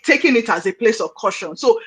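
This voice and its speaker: A woman's voice: fairly high pitch, lively intonation, fairly quick, slightly rough, rough recording. Woman host reflecting on a guest's story. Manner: warm affirming, thinks aloud with restarts. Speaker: podcast host. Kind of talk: conversational interview.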